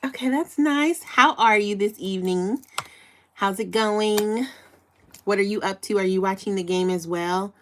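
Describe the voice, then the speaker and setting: A woman's voice: measured pace, a little hiss or hum. A bubbly young American woman hosting a casual livestream, chatting with viewers and reading their comments. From United States. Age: young adult. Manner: bubbly, chatty, breaks into excited high squeals. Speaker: livestream host.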